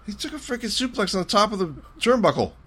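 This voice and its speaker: A man co-hosting a casual wrestling podcast, laid-back but animated, with some swearing. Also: high-pitched, fast, crowd noise. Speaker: podcast co-host.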